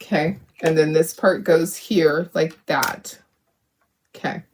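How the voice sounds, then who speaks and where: A woman's voice: low voice, steady tone, takes it slowly, slight background noise. A woman hosting a live crafting demo, talking herself through each step, upbeat and self-deprecating, laughing often. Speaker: craft livestream host.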